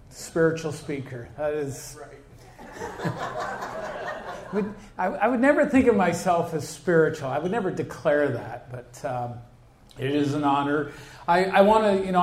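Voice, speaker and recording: A man giving a humorous recovery talk to a convention, acting out the people in his stories. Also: a little high. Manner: storytelling, acts out quoted people. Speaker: recovery speaker. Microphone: handheld mic. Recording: echoey hall.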